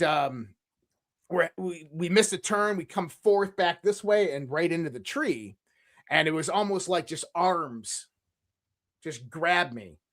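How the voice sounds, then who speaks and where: A young adult man, a podcast guest, telling personal stories in a casual, animated way, imitating sounds and restarting his sentences often. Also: a little high, dry recording, studio quality. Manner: animated storyteller who imitates sounds, with frequent restarts and fillers. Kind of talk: casual conversational storytelling.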